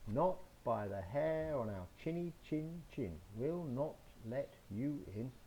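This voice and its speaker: A man voicing small, scared little pigs in a squeaky high voice while reading a storybook to children. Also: lively intonation, slow pace, warm tone, slight background noise. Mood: defiant. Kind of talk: reading a picture book aloud to children.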